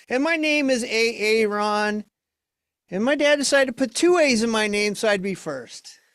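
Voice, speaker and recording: A man's voice: sits high, clear, resonant tone, dry recording, studio quality. A man performing a ventriloquist stand-up act, playing the mock-flustered straight man to his puppet. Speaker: comedian.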